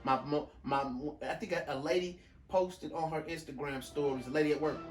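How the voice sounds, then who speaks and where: A man's voice: a little high, fairly quick, faint music behind. A man co-hosting a podcast in casual chat, rambling with frequent restarts and loose slang. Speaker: podcast co-host. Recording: echoey room, mic at a distance, faint room noise.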